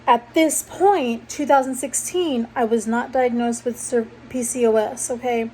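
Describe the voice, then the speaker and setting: A woman's voice: on the high side, unhurried, a little mellow, rough recording. Rambling woman telling a personal story. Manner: rambling, self-correcting, conversational. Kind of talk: casual storytelling to camera. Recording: faint background noise.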